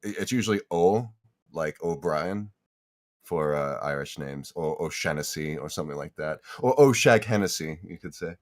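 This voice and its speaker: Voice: rumbling low, animated. Stammering, chuckling game co-player. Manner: halting, stammering, laughing. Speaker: co-player on a stream. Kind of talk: casual chat while playing a game.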